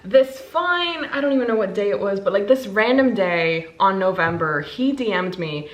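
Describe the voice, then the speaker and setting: Bubbly woman vlogging in an echoey room. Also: medium pitch. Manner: bubbly, gushing, quick bursts of excitement. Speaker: book vlogger. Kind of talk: casual chat to camera.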